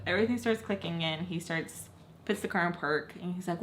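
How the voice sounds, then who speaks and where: A young adult woman vlogger chatting through a storytime, retelling events in an animated, casual way full of likes. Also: on the low side, a little fast, a little hiss or hum.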